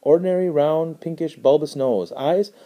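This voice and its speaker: A man voicing a sharp-witted, scrappy young boy who questions in a brisk, businesslike way for a storybook. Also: fairly high pitch, lo-fi sound, voice pushed up, lightly acted.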